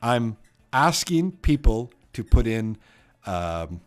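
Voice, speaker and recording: A man with a Canadian accent, hosting a trivia live stream in a casual, rambling way that often trails off quietly. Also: mid-range voice, very animated, takes it slowly.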